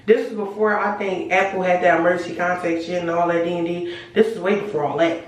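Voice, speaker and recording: Animated woman in a very echoey room. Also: lowish voice, fast talker, far from the mic. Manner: animated, slangy and profane, addresses viewers as y'all. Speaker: storytime vlogger. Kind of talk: casual storytelling to camera. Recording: very echoey room, voice away from mic.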